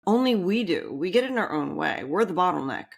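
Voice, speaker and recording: Woman, low register, business coach type; easygoing podcast talk, drifts into asides. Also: big pitch swings, gravelly, breathy edge. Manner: rambling with quick restarts and asides. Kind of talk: casual podcast chat.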